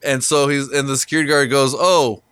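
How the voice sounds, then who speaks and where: A man's voice: medium pitch, quick pace, smooth, dry recording. Profane storytelling man, dry sound. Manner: profane, laughing, animated retelling. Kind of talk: casual storytelling.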